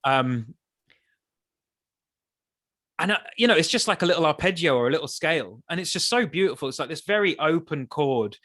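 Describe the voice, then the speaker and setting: A man, a songwriter guest on a podcast, talking in a thoughtful, hesitant way with many restarts, his voice still a bit rough from the early morning. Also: a little high, lively intonation, normal speed, pauses often, bright, forceful tone. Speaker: musician guest. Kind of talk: casual interview chat.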